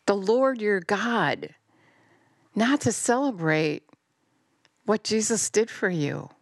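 A middle-aged woman delivers a fervent, scolding sermon, her voice climbing to near-shouts and sinking to low, intense stretches. Her pitch sits in an ordinary middle range for a woman. The recording is close and dry, with no room echo. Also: animated, takes it slowly. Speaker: preacher. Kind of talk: impassioned sermon.

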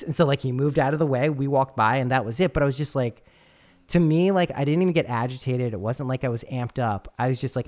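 A man in his thirties from the United States, a podcast host telling stories in casual chat, animated and full of swearing. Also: medium pitch, fast. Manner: profane, animated storyteller.

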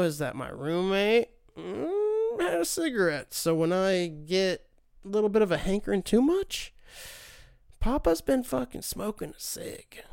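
Young guy ranting on his podcast, cussing a lot, kinda high voice, smooth and dry. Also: dry recording. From United States. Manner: profane, animated ranting with sarcastic mock voices. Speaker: podcast host. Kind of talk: casual solo rant.

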